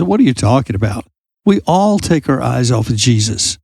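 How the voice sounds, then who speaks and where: A man hosting a youth ministry podcast, telling a Bible story with lively energy and acting out quoted lines in a raised voice while putting questions straight to his listeners. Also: mid-range voice, moderate pace, husky, no room sound. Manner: animated storyteller who acts out quoted lines loudly; asks listeners direct questions. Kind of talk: conversational faith talk.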